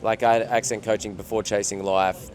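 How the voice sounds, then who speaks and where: A man's voice: lowish voice, flat delivery, fairly quick, a little mellow, faint music behind. A man with an Australian accent, an actor answering interview questions in a reflective way, thinking aloud with fillers.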